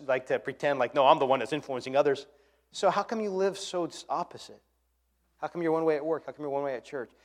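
Impassioned man preaching a sermon. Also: on the high side. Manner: impassioned, swings from soft to loud. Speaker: pastor.

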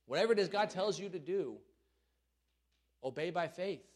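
A man preaching a sermon in a church, folksy and self-deprecating, then building to loud calls to the congregation. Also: high voice, expressive, normal speed. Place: church sanctuary.

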